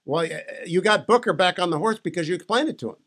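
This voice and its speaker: A man's voice: sits high, lively intonation, fast, fairly bright tone. A man hosting a radio talk show, interviewing a guest in a chatty, playful way.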